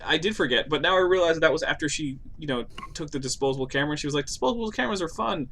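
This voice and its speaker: A man's voice: on the high side, racing, fairly bright tone, a little hiss or hum. A young man chatting casually and opinionatedly while streaming a game, cracking jokes. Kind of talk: casual gaming stream chat.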